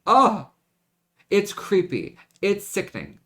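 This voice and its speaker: A young man with a somewhat high voice speaks straight to his viewers in a confessional vlog. He talks dramatically, swears freely and keeps stumbling into restarts and repeated words. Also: wildly swooping pitch, slow, pushed and bright. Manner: dramatic, profane and repetitive, with frequent restarts. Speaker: vlogger.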